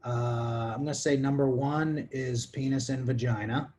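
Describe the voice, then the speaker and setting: A man's voice: mid-range voice, steady tone, measured pace, darkish tone. Drunk rambling man, crude and loose. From Texas. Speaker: podcast host. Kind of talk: casual comedic monologue answering listener questions.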